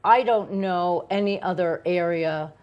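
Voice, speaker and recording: A woman's voice: on the low side, measured pace, dull audio. A woman co-hosting a local TV morning show, speaking effusively and laughing as she chats. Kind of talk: casual TV chat.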